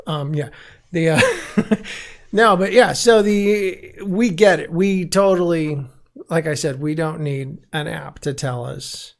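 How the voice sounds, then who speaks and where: A man hosts a loose comedy panel chat. His voice has a gravelly, fry-laden edge. He laughs a lot and jumps into quick silly impressions. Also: on the high side. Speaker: host.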